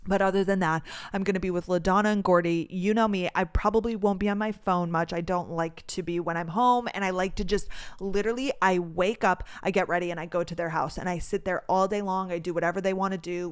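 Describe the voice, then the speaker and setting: Smooth-voiced young woman telling stories. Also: lowish voice, fairly quick. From North Dakota, USA. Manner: animated storyteller, swears freely, acts out dialogue. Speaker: podcast host. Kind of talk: casual solo podcast chat.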